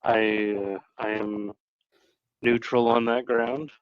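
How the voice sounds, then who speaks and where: Slow-talking male guest on a muffled call. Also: medium pitch, flat delivery, smooth, dry recording. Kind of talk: casual chat on a call. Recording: dull, muffled call audio.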